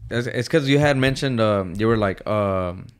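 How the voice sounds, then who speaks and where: A man's voice: on the low side, moderate pace, a crowd in the background. A man co-hosting a podcast, chatting casually and working through his thoughts with restarts. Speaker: podcast co-host. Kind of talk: casual chat.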